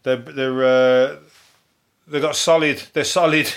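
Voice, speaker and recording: A man's voice: medium pitch, steady tone, takes it slowly, fairly bright tone. A man with a Birmingham accent hosting a solo podcast, rambling casually with swearing, self-mocking jokes and restarts. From England. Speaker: podcast host.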